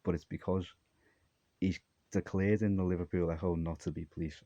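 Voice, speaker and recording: A man's voice: deep voice, level tone, normal speed, mellow, no room sound, highs cut off. A man from Armenia talking to camera in a rambling solo monologue, jumpy and disjointed, trailing off mid-thought. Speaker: vlogger.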